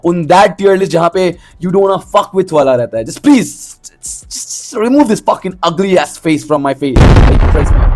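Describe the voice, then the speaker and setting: Brash young streamer, swears freely and slips into Hindi; slightly high-pitched, music in the background. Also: male voice. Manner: profane, blunt, mixes Hindi into English. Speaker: MMA YouTuber. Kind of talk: casual streamer commentary.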